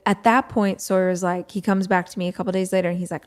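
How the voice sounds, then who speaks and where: A woman's voice: medium pitch, fast, hardly any pauses, darkish tone. A woman hosting a podcast, telling a personal story in a breezy, chatty way and quoting herself and others. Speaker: podcast host.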